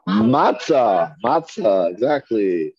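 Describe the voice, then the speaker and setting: A man teaching a Hebrew reading class, patiently repeating words slowly and asking his students questions. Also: lowish voice, very animated, darkish tone. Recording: dull lo-fi dry recording.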